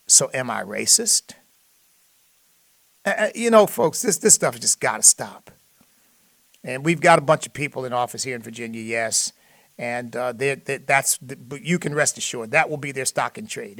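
A man's voice: mid-range voice, animated, moderate pace, fairly bright tone, no echo. A middle-aged man hosting a political talk radio show, delivering an emphatic, preacherly monologue into a studio microphone. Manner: preacherly, emphatic, scripture-quoting.

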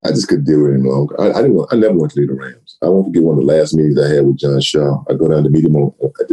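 A man's voice: extremely low pitch, low-quality recording. A man, a retired running back telling stories in an interview, repeating words and acting out old conversations. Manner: animated storyteller, repeats words, acts out quoted dialogue. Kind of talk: conversational storytelling. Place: home office.

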